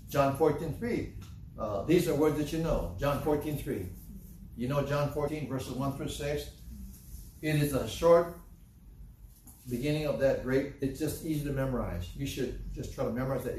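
A man's voice: medium pitch, normal speed, a little mellow, recorded from a distance, slight background noise. A man preaching a sermon, emphatic and repetitive, firing rhetorical questions and reading scripture aloud. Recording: echoey room, voice from off-mic.

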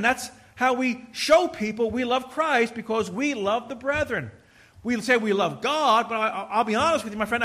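Pastor guy preaching, high voice, chatty asides to the congregation. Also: pushed and bright. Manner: conversational preaching with asides and quoted inner voices. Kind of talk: sermon.

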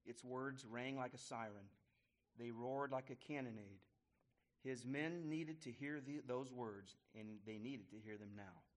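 A man reading a history story aloud to listeners, pausing to explain and correcting himself as he goes. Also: medium pitch. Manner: pauses to explain and restart phrases.

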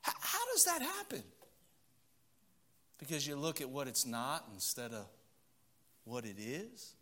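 A middle-aged man, preaching a sermon in church and telling stories, shifting between loud emphatic stretches and low quiet ones. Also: huge pitch swings, a little slow. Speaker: pastor. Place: church sanctuary.

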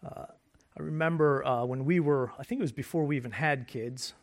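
A man preaching a sermon as pastor, conversational and joking, moving between quiet asides and loud emphasis. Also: medium pitch, fairly quick. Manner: conversational and self-deprecating humor.

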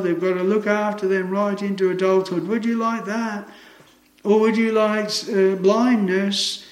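A man pastor preaching a sermon in a chapel, earnest and solemn, quoting scripture slowly. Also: high voice, reverberant, rough recording.

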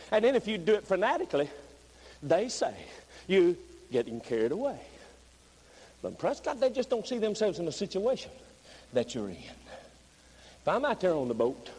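A man preaching a revival sermon, moving from low, plain talk up to high, shouted pleading. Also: breathy edge, low-quality recording.

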